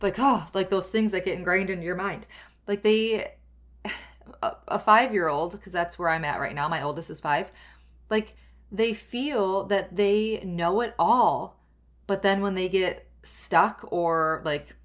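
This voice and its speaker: Earnest woman, low-pitched, rambling podcast talk. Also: measured pace. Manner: earnest, rambling, with many fillers and restarts. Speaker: podcast host.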